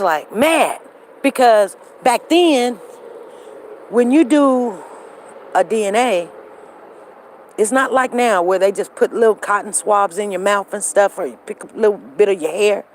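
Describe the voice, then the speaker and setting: A woman in her fifties hosting a live show, animated and acting out the other people's lines as she tells a story to her viewers. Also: medium pitch, moderate pace, slight background noise, low-quality recording.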